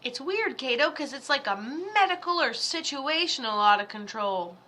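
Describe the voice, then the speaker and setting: A woman's voice: high voice, sing-song, moderate pace, pushed and bright. A woman giving casual livestream psychic readings, chatty and blunt, joking as she goes. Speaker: psychic medium.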